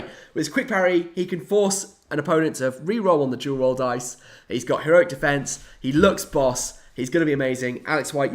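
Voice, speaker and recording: A young man chatting casually on a live stream, animated and playfully dramatic. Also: a little high. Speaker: hobby streamer.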